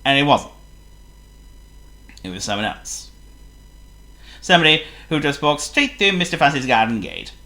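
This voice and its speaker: Lively, bright-toned male storyteller. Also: fairly high pitch, normal speed. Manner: lively, expressive, theatrical. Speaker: narrator. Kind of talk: children's storybook reading.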